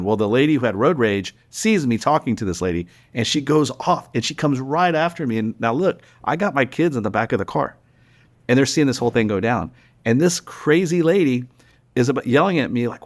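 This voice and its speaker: A middle-aged man from Texas, a company founder and podcast guest, telling animated stories in casual conversation, full of restarts and fillers. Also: mid-range voice, brisk, dry recording. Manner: animated, rambling anecdotes with many restarts and fillers.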